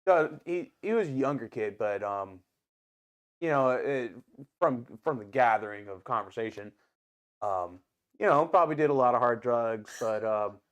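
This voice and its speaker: A man with an Ohio accent, a restaurant owner and guest, telling stories in an animated, casual way and swearing freely. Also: mid-range voice, normal speed. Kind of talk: casual storytelling.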